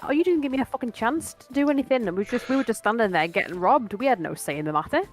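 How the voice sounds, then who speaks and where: Fast-talking indignant woman player. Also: on the high side, expressive, faint music behind. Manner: indignant, swears a lot, argues. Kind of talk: casual chat, tabletop gaming.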